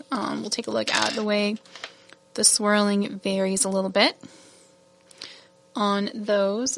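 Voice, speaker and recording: Gravelly, bright woman host. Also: mid-range voice. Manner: chatty, gushing, laughs at own fumbles. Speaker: shop host showing new beads. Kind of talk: casual product showcase.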